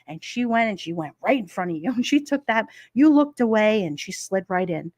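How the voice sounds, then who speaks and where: A woman's voice: medium pitch, expressive, normal speed, darkish tone, dry recording, clean studio sound. Chatty woman telling stories, laughing. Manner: rambling anecdotes with frequent laughs. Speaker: livestream host. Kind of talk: casual storytelling to chat. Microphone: streaming microphone.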